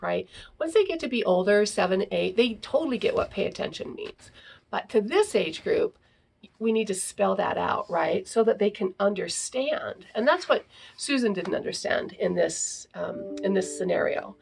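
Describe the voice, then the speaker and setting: Speaking at a normal speed in a mid-range voice with vocal fry, a female parenting podcast host reads aloud from a book and explains things in a relaxed, teacherly way. "Right?" comes up often as a tag on her points.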